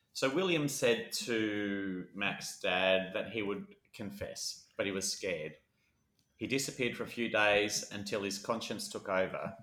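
Casting: male podcast co-host, bright and forceful, joking between case notes, roomy echo. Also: fairly low pitch. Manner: jokey, reads case notes then riffs. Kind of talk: casual true crime podcast chat.

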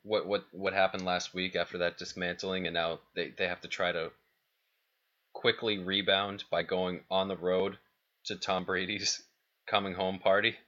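A man's voice: sits low, flat delivery, moderate pace, sharp tone, dull audio. A man co-hosting a sports podcast, talking in a laid-back way and steering toward predictions. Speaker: podcast co-host. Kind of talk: casual sports chat.

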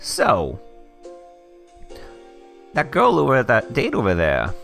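A breathy-high, sing-song young woman, as a man puts her on, teasing and clingy. Lively pitch, bright tone. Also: takes it slowly, faint music behind, exaggerated voice.

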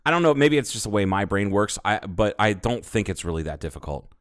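A man's voice: lowish voice, a little fast. A man co-hosting a casual podcast, rambling and swearing as he tells stories. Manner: animated, swearing, rambling storyteller. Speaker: podcast co-host. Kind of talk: casual chat.

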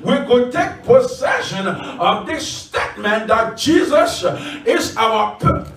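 A man's voice: high-pitched, lively intonation, slow pace, gravelly, a bit bright. A man preaching a sermon to a congregation, talking emphatically with many filler sounds and leading call-and-response. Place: church. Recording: echoey room, from far off.

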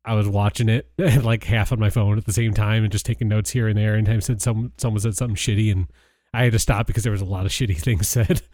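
A man's voice: lowish voice, fairly even intonation, quick pace, dark tone, no echo, clean studio sound. A man co-hosting a casual podcast, hesitant and full of fillers, with crude jokes. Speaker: podcast co-host. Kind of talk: casual movie chat.

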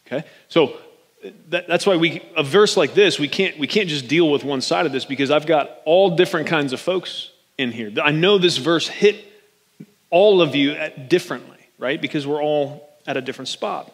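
Chatty, joking preacher in a long-echoing church. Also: male voice, on the high side, normal speed. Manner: chatty and joking, often checks in with "right?". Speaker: pastor. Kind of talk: conversational sermon.

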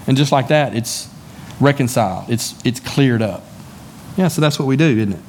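A man preaching to his church congregation in a relaxed, conversational way, telling everyday stories and acting out the lines of the people in them. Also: medium pitch, moderate pace, slight background noise. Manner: conversational, folksy storytelling with acted-out dialogue. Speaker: pastor. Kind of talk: sermon. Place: church sanctuary.

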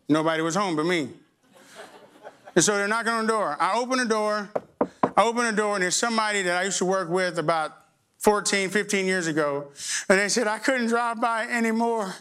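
A man preaching a sermon, telling a personal story with lively, animated delivery and acting out voices. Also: high voice, a little fast, slight background noise. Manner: animated storytelling, voicing himself and others.

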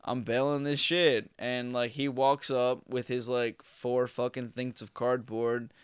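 A young man co-hosting a podcast, telling a work story casually and excitably, swearing a lot. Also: mid-range voice, measured pace, clean tone, no echo, clean studio sound. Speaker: podcast co-host.

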